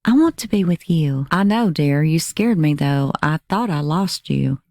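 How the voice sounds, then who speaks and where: Crime narrator, female: deep, mellow read of text messages, dry close sound. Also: lively intonation, a little slow, dry recording. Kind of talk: reading text messages aloud.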